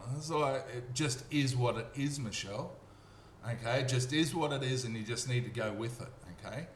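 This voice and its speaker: Australian man, casual storytelling monologue, mid pitch, animated, echoey room with faint hum. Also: fairly quick. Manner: animated, acts out quoted voices.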